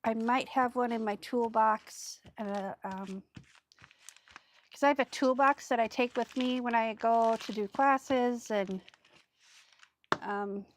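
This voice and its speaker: Female craft host, slightly high voice, loose chatty live-stream delivery. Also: slow pace, pauses often, a little hiss or hum. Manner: chatty and rambling, greets viewers while working. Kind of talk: casual live crafting chat.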